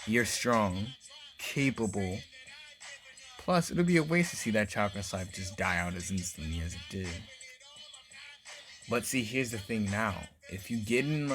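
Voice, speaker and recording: A man voicing a cocky, menacing teenage boy ninja leader who makes calm, smug threats. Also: lowish voice, close to an everyday voice.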